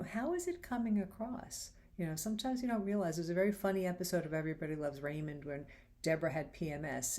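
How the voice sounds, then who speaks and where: Woman, host, casual advice talk, slightly low voice, animated, acts out quotes.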